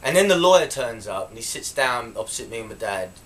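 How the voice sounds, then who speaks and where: A man's voice: mid-range voice, very animated, fast, fairly bright tone. A young man, a vlogger, telling a story to camera in a casual, indignant way. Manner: indignant, chatty retelling.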